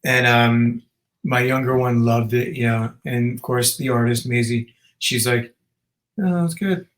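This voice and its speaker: A man's voice: mid-range voice, monotone, measured pace, fairly bright tone, rough recording. A man, a musician and father, chatting as an interview guest, telling a story animatedly with fillers and restarts. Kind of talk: casual interview chat.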